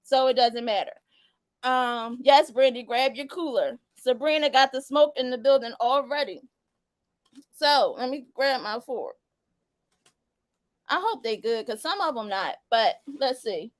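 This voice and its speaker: High-pitched young woman host, laughs a lot, teasing, super dry close sound. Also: a little slow, pauses often, no room sound. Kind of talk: casual live-stream chat reading viewer answers.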